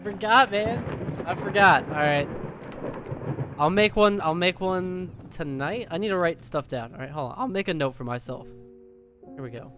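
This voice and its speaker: A man's voice: high voice, animated, normal speed. Joking, swearing young man playing a game. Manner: profane, jokey, mock-tough. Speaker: gaming video host. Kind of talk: casual let's-play commentary. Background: faint game piano music.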